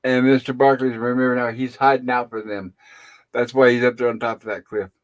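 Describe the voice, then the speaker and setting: A middle-aged man hosting a casual live stream, retelling a TV episode in a rambling way with pauses and fillers. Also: medium pitch, little pitch movement. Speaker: host.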